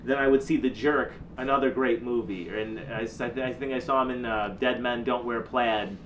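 A man's voice: medium pitch, steady tone, fairly bright tone, highs cut off. Guy cohosting a podcast, dry jokey delivery, bit of hiss behind him. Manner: dry, joking, halting with fillers. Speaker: podcast co-host. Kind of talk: casual chat.

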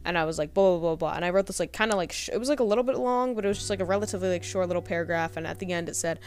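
A woman's voice: on the low side, very fast. A young woman hosting a podcast, telling a personal story in a rambling, hesitant way, full of fillers. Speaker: podcast host.

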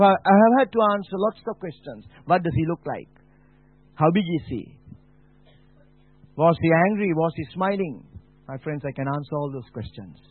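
A man preaching a personal testimony, dropping to a hush and then rising to a shout. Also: on the high side, breathy edge. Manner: slow, dramatic, swings from hushed to shouting. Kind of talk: testimony sermon. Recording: tinny phone-like sound.

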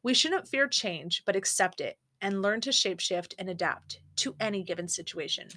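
A woman's voice: mid-range voice, animated, normal speed, bright, forceful tone. Earnest woman sharing reflective lessons. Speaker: podcast co-host. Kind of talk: casual chat, reading mythology lessons.

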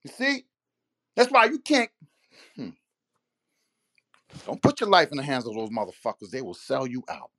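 Man, podcast host, angry rhetorical rant, bright voice. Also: medium pitch, wildly swooping pitch, normal speed, pauses often. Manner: heated, profane, rhetorical questions. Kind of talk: ranting monologue.

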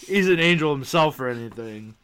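Podcast dude, middle pitch, joking around about his kids, acts out the quotes. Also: animated, a little fast, fairly bright tone, smooth. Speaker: podcast co-host. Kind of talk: casual chat.

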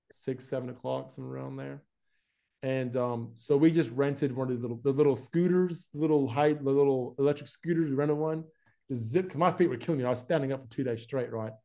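A young man from Florida with a mixed American and Australian accent, chatting casually as an interview guest. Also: medium pitch. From United States, Florida. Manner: relaxed, chatty, says "man" and "like" a lot. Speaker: guest, YouTube advertising specialist.

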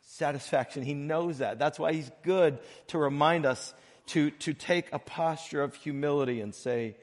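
A man preaching a sermon as pastor of a church, earnest and measured, breaking his phrases with pauses and swinging between soft and loud. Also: a little high, long reverb tail. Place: church sanctuary.

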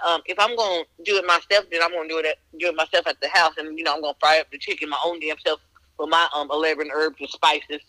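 A woman with a Northern US accent chats on a podcast. Her voice is bright and lively, and it sounds dry and close. She speaks bluntly and with a lot of swearing, telling stories with animated energy. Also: fairly low pitch, no room sound, rough recording. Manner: blunt, profane, animated storytelling. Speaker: podcast co-host. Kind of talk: casual chat.

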